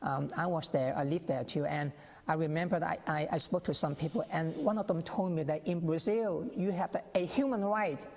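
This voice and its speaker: A man appearing as a guest scholar in a TV interview sets out his views in a brisk, slightly high, somewhat mellow voice. He restarts frequently and acts out quotations, and the recording carries long reverb.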